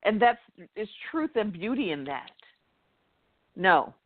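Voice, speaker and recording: A woman's voice: medium pitch, very animated, normal speed. A woman guest speaker on a radio talk show, speaking in an emphatic, motivational way with lots of repetition. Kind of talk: casual call-in radio talk. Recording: tinny phone line.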